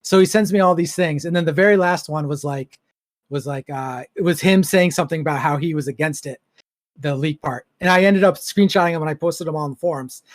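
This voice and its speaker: Male podcast guest, high voice, blunt and animated, dry close-mic sound. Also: fairly quick, no room sound. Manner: blunt, animated storyteller who swears and acts out quoted exchanges. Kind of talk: casual podcast chat.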